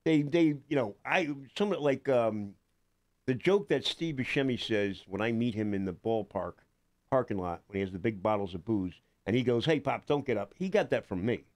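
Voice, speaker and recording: A man's voice: lowish voice, expressive, moderate pace, dry recording. An older man, a guest actor on a radio show, telling rambling stories in casual talk, with many fillers and restarts. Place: radio studio.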